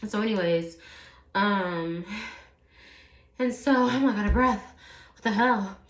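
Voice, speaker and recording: A woman's voice: medium pitch, slow, echoey room, low-quality recording. A woman telling a personal story in a candid, rambling way, full of fillers and swearing. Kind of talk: casual storytelling.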